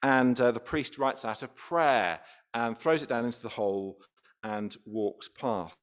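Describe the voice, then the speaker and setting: A man's voice: mid-range voice, a little slow. A man preaching a sermon in a church, talking conversationally, often restarting and asking rhetorical questions.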